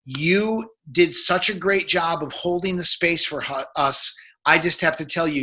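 A man's voice: on the high side, a little slow, sharp tone. A man in his fifties, a men's coach, telling a story in casual conversation, rambling with many fillers and restarts.

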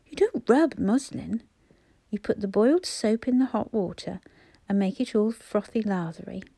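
A woman's voice: medium pitch, expressive, normal speed, vocal fry, mellow, husky, dry recording. Bobby, a woman doing an earnest young girl. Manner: careful, earnest.

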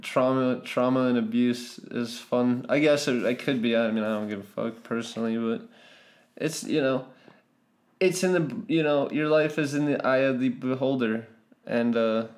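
A man's voice: medium pitch, normal speed. A podcast producer from Ohio, a man making dry, sarcastic quips in casual chat.

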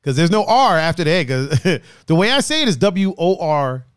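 A man's voice: a little high, sing-song, normal speed, clear, resonant tone, dry recording, clean studio sound. Laid-back East Coast streamer man. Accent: generic East Coast American. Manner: laid-back, swears, drops slang like yo. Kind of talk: casual stream chat.

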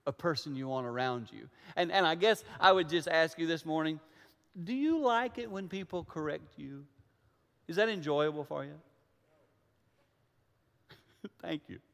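A man preaching a sermon from a church stage, telling stories and acting out conversations, dropping to a hush and then rising to loud emphasis. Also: a little high, expressive, unhurried, gravelly, pauses often. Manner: storytelling, acts out dialogue, swings from hushed to loud. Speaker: pastor. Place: church sanctuary. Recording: reverberant hall.

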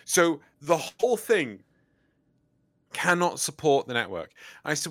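A young man tells a story at a casual pace, his pitch bouncing as he acts out both ends of a phone call. It is a relaxed podcast chat, and he talks over a dry, close mic with almost no room around his voice. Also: measured pace, no echo. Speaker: podcast co-host.

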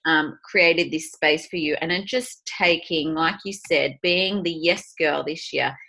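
A woman with a lowish voice hosting a casual podcast chat. She speaks in an encouraging, reflective way and meanders through her thoughts. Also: a little slow, gravelly, pushed and bright. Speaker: podcast host.

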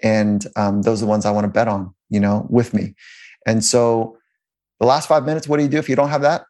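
With a lowish, steady, slightly mellow voice, this man talks a little fast. He's a sports psychologist spinning stories in a conversational interview, wandering off track, restarting, and chuckling often.

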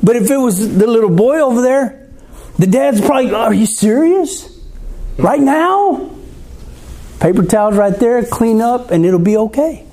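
A man's voice: extremely high pitch, a little fast, mellow. A man preaching a conversational sermon, asking the congregation questions.

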